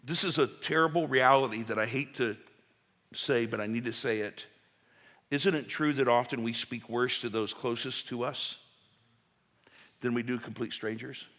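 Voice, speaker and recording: Folksy pastor in a reverberant church. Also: male voice, medium pitch, moderate pace, fairly bright tone. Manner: folksy, storytelling, many asides and restarts. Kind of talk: conversational sermon. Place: church sanctuary. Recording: long church hall reverb.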